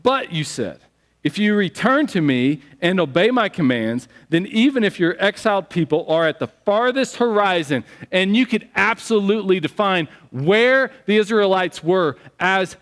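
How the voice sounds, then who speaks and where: A man preaching a sermon as pastor, telling stories in an animated, conversational way. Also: high voice, normal speed. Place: church sanctuary. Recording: long church hall reverb.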